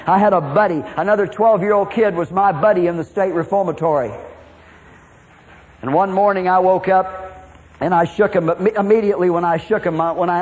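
A middle-aged man from Minnesota preaches a testimony sermon in a notably high voice. His delivery is folksy and dramatic, swinging between loud passages and hushed ones. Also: poor audio.

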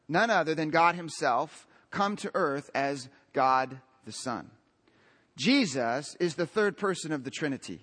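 A man's voice: fairly high pitch, bright, forceful tone. A man preaching a sermon to a congregation, emphatic and building long lists, calling for amens. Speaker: pastor. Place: church.

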